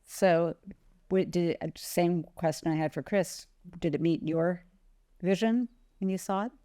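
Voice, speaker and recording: This is a woman with a lowish voice, recorded close and dry. She co-hosts a theater interview and keeps things moving with short, direct questions. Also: warm tone, dry recording. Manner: brisk, guiding questions. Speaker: co-host interviewer.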